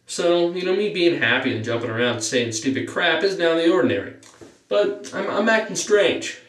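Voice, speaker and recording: A man's voice: normal speed, echoey room, far from the mic. A teenage boy telling a story to the camera in a casual, rambling way, filling every gap with "you know", his nose a little stuffy. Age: teens. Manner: jumps up in pitch on excited parts. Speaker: vlogger.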